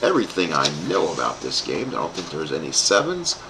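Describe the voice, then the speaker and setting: A man with a bass voice talks briskly and creakily, his pitch swooping wildly over a noisy background. He calls play-by-play for a tabletop baseball dice game he's playing himself, rambling into asides for his live chat.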